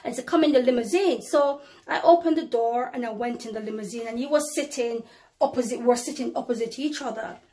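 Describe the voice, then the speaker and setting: High-voiced woman preacher telling a vision. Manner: addresses viewers as brothers and sisters, ladies and gentlemen; storytelling with emphatic rises and drops in loudness. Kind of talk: testimony to viewers.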